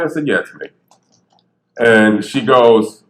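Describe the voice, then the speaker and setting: A man's voice: medium pitch, measured pace, pauses often, poor audio. An older man from Bridgeport with a slight stutter, telling stories on a theater stage. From Bridgeport, Connecticut. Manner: animated storyteller, acts out voices, slight stutter. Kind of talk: storytelling talk.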